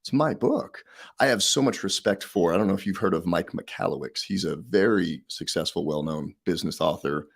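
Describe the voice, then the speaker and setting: A man's voice: low voice, fairly quick, gravelly, hardly any pauses, slightly rough. A middle-aged man, a podcast guest and author, chatting casually and acting out the people in his stories. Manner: animated storyteller, acts out quotes. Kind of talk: casual interview chat.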